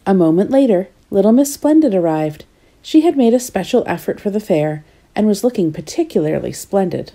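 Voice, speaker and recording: A woman's voice: medium pitch, expressive, normal speed, warm tone. A woman reading a children's storybook aloud in a playful way, asking the listener questions.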